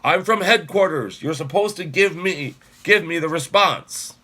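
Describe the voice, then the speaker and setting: A man voicing a resourceful teenage boy soldier who talks fast and bluffs under pressure. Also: fairly low pitch, animated, husky. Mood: bluffing.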